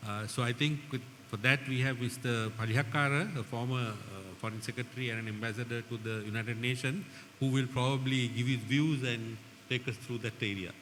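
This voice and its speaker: A man's voice: medium pitch, fairly even intonation, brisk, a bit bright. A man moderating a conference session, talking in a casual, conversational way with fillers. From Sri Lanka. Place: large conference hall. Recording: hall reverb with faint noise.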